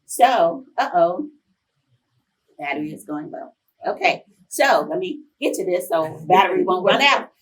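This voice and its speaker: A woman in her fifties, a professor giving a conference talk, telling chatty, animated personal stories to the audience. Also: on the low side, measured pace, husky, recorded from a distance, rough recording. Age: 50s. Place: conference room.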